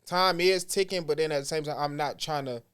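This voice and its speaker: A man's voice: a little high, fairly quick, a bit bright, smooth. Laid-back man in his thirties hosting. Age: 30s. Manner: laid-back, joking interviewer. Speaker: podcast host. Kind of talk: casual podcast interview.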